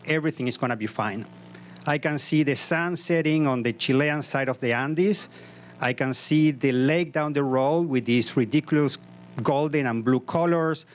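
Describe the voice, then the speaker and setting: Speaking into a stage mic at a comedy club, a man in his fifties tells a comic story live with vivid, punchy narration. His voice runs a little high.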